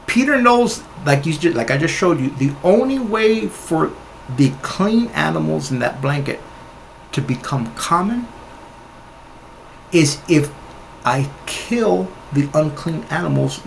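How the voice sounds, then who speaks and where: Man, Bible commentator, argumentative, scoffing, slightly high pitch, faint background hiss. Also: gravelly, fairly bright tone. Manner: argumentative, scoffing, talks straight at the other teacher. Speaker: Bible commentator reacting to a video. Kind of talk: rebuttal commentary.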